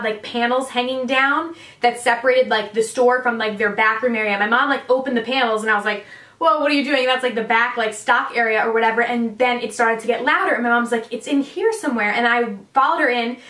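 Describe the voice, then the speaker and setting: A woman's voice: on the high side, a bit bright. Chatty young woman in an echoey room. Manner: chatty, many fillers. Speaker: vlogger. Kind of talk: storytime vlog. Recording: echoey room, distant mic.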